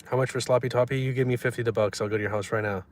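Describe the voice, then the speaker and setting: Deadpan young man trolling his livestream chat. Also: medium pitch, very fast. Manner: reads chat aloud and answers in a deadpan, trolling way. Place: in a car.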